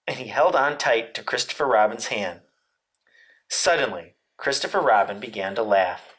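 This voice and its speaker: Teacher reads storybook, man, expressive, pitch rises and falls a lot. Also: moderate pace. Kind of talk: storybook read-aloud.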